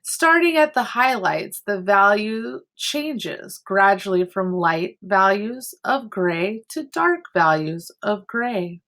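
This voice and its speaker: A woman's voice: medium pitch, animated, slow pace, few pauses, a bit bright. A woman art teacher teaching an online class from home over a computer mic, explaining step by step with chatty asides. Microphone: computer mic on a video call.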